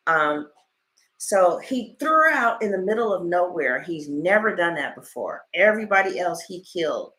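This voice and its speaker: A woman tarot reader in a casual livestream, telling stories in an animated, blunt way and swearing freely. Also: lowish voice, moderate pace.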